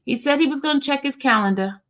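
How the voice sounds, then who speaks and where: A woman in her fifties hosting a live stream, telling a story in a casual, animated way and talking straight to her viewers. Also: high-pitched, fast talker. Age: 50s. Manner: animated, laughing, addresses viewers as y'all. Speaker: channel host.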